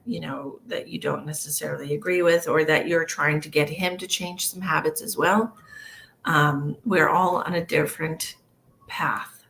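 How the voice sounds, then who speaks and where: Woman psychic, livestream reading. Slow, emotional and earnest, a bit of fry, faint hum behind. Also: sits low, a bit bright. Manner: rambling with many fillers. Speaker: psychic medium. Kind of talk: live-streamed psychic reading. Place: home livestream.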